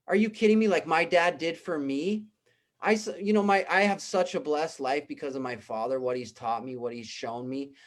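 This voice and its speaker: A man giving an earnest, emphatic motivational pep talk as a guest speaker on a business call. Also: medium pitch. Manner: earnest, emphatic, repetitive exhortations. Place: home in Costa Rica.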